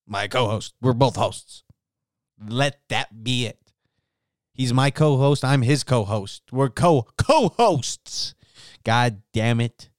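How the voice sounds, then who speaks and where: Male solo podcast host, erratic self-mocking rambler, smooth resonant voice, dry close sound. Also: medium pitch, dry recording. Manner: erratic and self-mocking, swinging between mumbling and outbursts. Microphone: studio microphone.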